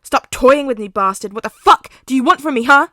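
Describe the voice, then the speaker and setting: A woman voicing a hot-tempered, foul-mouthed teenage boy who snarls and shouts. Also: high-pitched, animated, brisk, dry recording, clean studio sound, pitched above the performer's own voice. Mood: angry.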